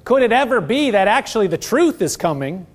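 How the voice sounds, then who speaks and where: Male preacher, high voice, earnest conversational teaching, heavy on rhetorical questions. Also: sing-song, fairly quick.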